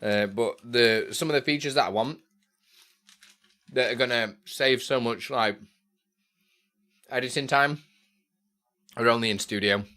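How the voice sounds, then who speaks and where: A man's voice: medium pitch, a little slow, pauses often, pushed and bright. A man streaming live, answering chat questions in a casual, rambling way with lots of fillers. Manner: rambling and easily sidetracked, with many fillers.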